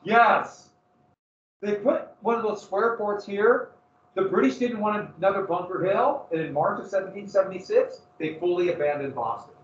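A male history teacher lecturing to his class, bringing the story to life and throwing questions at the room. His voice sits high for a man and is picked up from a distance in a roomy classroom, with a dull, muffled sound. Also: normal speed, a little hiss or hum.

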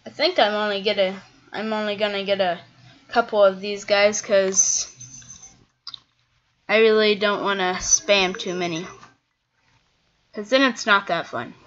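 A woman talks through her game in a loose, chatty way, thinking aloud and letting sentences trail off as she goes. Her voice sits at an ordinary pitch for a woman. It comes through a dull, lo-fi mic. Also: steady tone, unhurried, long pauses, fairly bright tone. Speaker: gaming video creator. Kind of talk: casual gameplay commentary.

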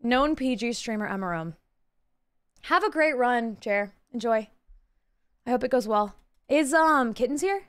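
A young woman streaming a game, chatting casually with her viewers in excitable bursts. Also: a little high, a little slow, long pauses, clear, resonant tone. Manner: chatty, talks to chat, excitable exclamations. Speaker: live streamer. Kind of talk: casual live-stream chat.

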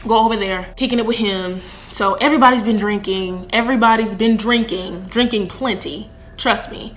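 Bright-voiced young woman telling a story. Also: on the high side. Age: 20s. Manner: animated storyteller, acts out dialogue. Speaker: vlogger. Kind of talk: storytime vlog.

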